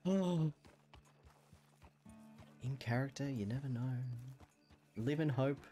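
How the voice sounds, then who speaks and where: A man's voice: mid-range voice, takes it slowly, mellow, faint music behind. A man chatting casually out of character while streaming a game, rambling and laughing often.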